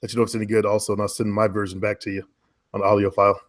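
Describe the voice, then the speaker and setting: A man coaching a client in online marketing over a casual call from home, relaxed and rambling, often correcting himself. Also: fairly low pitch, racing.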